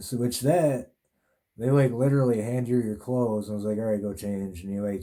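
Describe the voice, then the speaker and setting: Low, dark-voiced man telling a rambling story. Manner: profane, rambling, laid-back. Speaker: podcast host. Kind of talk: casual storytelling monologue.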